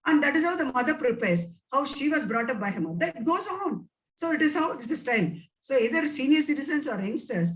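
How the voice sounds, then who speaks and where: A woman's voice: fairly high pitch, distant mic, rough recording. Emphatic Indian woman nutrition expert. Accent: Indian English. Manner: emphatic, advising, repeats for stress. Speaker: nutrition scientist giving a webinar talk. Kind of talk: webinar Q&A answers.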